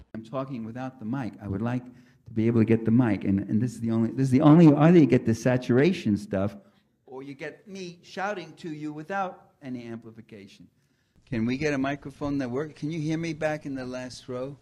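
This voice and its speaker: A man's voice: mid-range voice, mellow. Sardonic New man lecturing. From New York. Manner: sardonic, mocking, wry complaining asides. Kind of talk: public talk to an audience. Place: college lecture hall. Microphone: handheld microphone that keeps cutting out.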